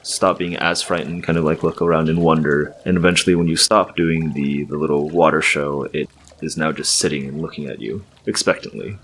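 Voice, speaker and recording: A man's voice: a bass voice, fairly even intonation, a little fast, a bit bright, a little hiss or hum. A man running a tabletop game as game master, narrating casually with frequent laughs and fillers.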